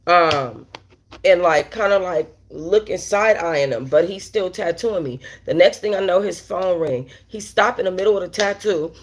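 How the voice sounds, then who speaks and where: A woman's voice: fairly low pitch, moderate pace. A woman hosting a casual livestream, telling a story bluntly and with plenty of profanity while talking straight to her viewers and reading their chat. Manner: talks straight to viewers with many asides.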